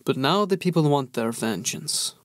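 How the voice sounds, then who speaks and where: A man's voice: a little high, lively intonation, normal speed, dry recording, studio quality, lightly acted. A man playing a weary, skeptical male commander who speaks plainly and tersely.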